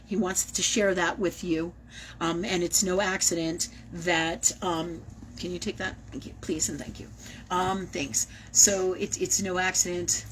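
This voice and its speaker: A woman's voice: fairly low pitch, measured pace, a little hiss or hum, poor audio. Chatty woman giving a live reading. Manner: chatty, animated, swears casually. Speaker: psychic medium.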